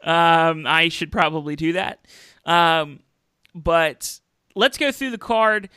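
A man's voice: fairly high pitch, slow, sharp tone, clean tone, dry recording. A man hosting a casual wrestling podcast, chatty, with many fillers and restarts. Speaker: podcast host.

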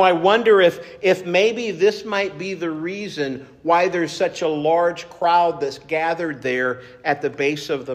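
Preaching with earnest, measured delivery, this male pastor repeats phrases to drive his points home. His voice sits a little high.

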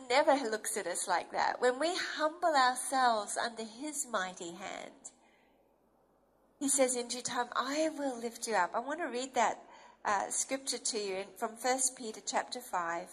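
A woman with a high voice preaching a sermon. She speaks tenderly and with deep feeling, and her voice sometimes breaks with emotion. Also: fairly bright tone, poor audio.

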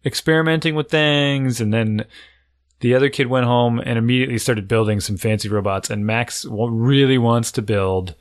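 A man co-hosts a casual podcast, chatting and musing as he talks things through with fillers. He speaks at a medium pitch and normal speed.

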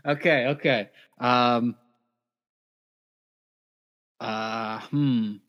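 Man co-host, mid-pitched voice, relaxed and agreeable in casual banter. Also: very slow, highs cut off. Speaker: podcast co-host. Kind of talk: casual chat.

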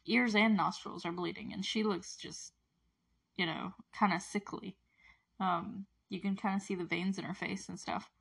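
A woman's voice: mid-range voice, normal speed, gravelly, slightly rough. Chatty woman recapping a TV episode. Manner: chatty and animated, lots of fillers and tangents. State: close to tears at moments. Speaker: show recap host.

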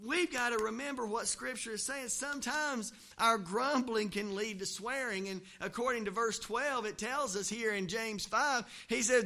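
A man's voice: very high-pitched, moderate pace, vocal fry, hardly any pauses, pushed and bright. A male pastor, preaching a sermon in a folksy, conversational way with joking asides in a church. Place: church, also livestreamed.

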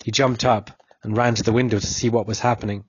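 Man reading a story, husky voice. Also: on the low side, flat delivery, quick pace, dry recording, dull audio. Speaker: narrator.

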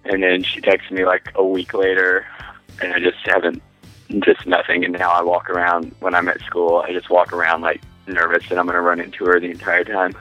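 A man's voice: low voice, monotone, brisk, no echo, lo-fi sound, faint music behind. A man in his twenties, a podcast guest, telling a long rambling story in casual, profane chat with frequent laughs.

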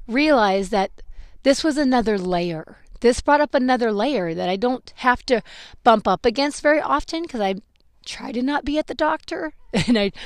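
A woman's voice: mid-range voice, no room sound, clean studio sound. A middle-aged woman hosting a podcast, telling a personal story in a candid, rambling, self-reflective way. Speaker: podcast host.

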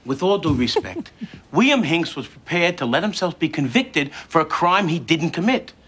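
A man's voice: fairly high pitch, sing-song, normal speed, husky, full character voice. An actor playing a passionate, persuasive male defense attorney arguing before a judge in a TV legal drama. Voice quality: forceful, persuasive.

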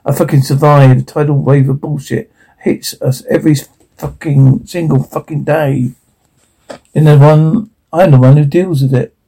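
A man reads out every line of a drama's subtitles, sound cues included, in the same flat, even voice. His tone is mellow and husky, with a gravelly fry. He reads steadily and gives no character a voice of its own. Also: a little high, moderate pace, poor audio. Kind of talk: reading subtitles and sound captions aloud.

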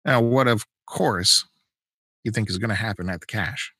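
A man's voice: on the low side, moderate pace, breathy edge, no echo, clean studio sound. A man hosting a podcast, telling a story in casual chat and acting out the people in it. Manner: animated, acts out the people in his story.

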